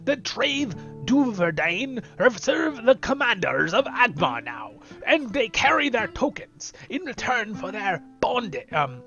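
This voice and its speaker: A man's voice: sits high, sing-song, unhurried, bright, forceful tone, muffled recording, faint music behind, pitched above the performer's own voice, heavily acted. A man reading a grim male tribal envoy from a game in a solemn, urgent tone, trying out an accent.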